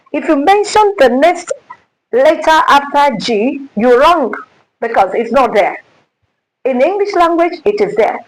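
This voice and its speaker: A woman's voice: on the high side, low-quality recording. A woman teaching a music lesson, speaking emphatically, repeating herself and quizzing her listeners.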